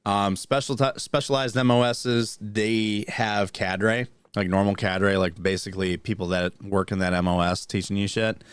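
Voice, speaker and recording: Low-voiced man, dry close sound. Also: steady tone, normal speed, few pauses, smooth, no room sound. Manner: matter-of-fact, profane, explains military terms. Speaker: podcast co-host. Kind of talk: casual chat. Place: home.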